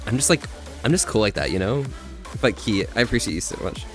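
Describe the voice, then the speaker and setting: A man's voice: fairly low pitch, expressive, fast talker, soft background music. A young man livestreaming and chatting casually with viewers. He rambles energetically and laughs at himself. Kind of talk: casual live-stream chat.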